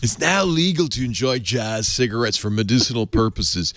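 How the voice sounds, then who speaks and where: A man's voice: medium pitch, lively intonation, moderate pace, a bit bright, no room sound. Guy putting on a laid-back stoner dude, drawly, super dry close mic. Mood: mellow stoner.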